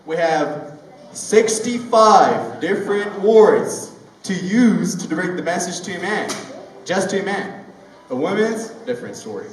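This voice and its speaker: Rambling stand-up comic with a Ukrainian accent. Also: male voice, high-pitched, big pitch swings. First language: Russian. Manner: rambling, conversational storytelling with halting restarts. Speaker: open mic comedian. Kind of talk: stand-up comedy. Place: comedy club open mic. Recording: echoey room, mic far off, ambient noise.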